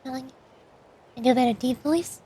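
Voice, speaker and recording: A woman's voice: sits high, fast, dark tone, breathy edge. A woman streaming a game as a VTuber, chatting playfully with her viewers. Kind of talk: casual gaming stream chat.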